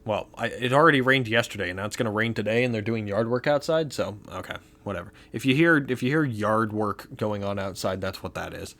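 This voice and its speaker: A man's voice: on the low side, a little fast, hardly any pauses, a bit bright. A young man giving casual, chatty commentary while playing a video game, with laid-back asides. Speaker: let's play gamer.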